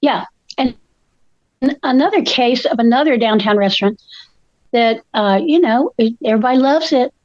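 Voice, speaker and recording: Older woman, feisty storyteller, fairly high voice, dry slightly dull sound. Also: normal speed, long pauses, no room sound. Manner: feisty, animated storyteller acting out quotes. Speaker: co-host. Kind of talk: casual chat, storytelling.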